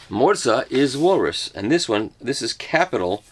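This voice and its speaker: A man's voice: medium pitch, big pitch swings, moderate pace, hardly any pauses. An older man hosting a casual unboxing, rambling through each item with self-mocking jokes and asides. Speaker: host reviewing a record box set.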